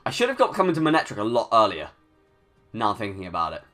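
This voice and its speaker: A man's voice: on the low side, huge pitch swings, quick pace, sharp tone, soft background music. A young man giving live commentary over a video game. He thinks aloud, restarts his sentences often and rants when things go against him. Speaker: gaming YouTuber.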